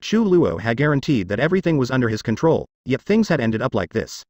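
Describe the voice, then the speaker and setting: A man narrating a fantasy webnovel as an audiobook in steady, expressive storytelling. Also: mid-range voice, fast talker, dry recording, studio quality.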